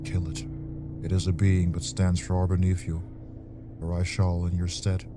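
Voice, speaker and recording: A man's voice: low-pitched, completely flat delivery, normal speed, music in the background, natural voice. A man reading the lines of a cold, commanding demon father who gives a harsh order.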